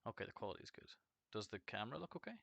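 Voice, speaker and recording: A man chatting casually on a live game stream, rambling and swearing, his voice jumping from deep to screechy when excited. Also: very fast, creaky, slightly rough, dry recording.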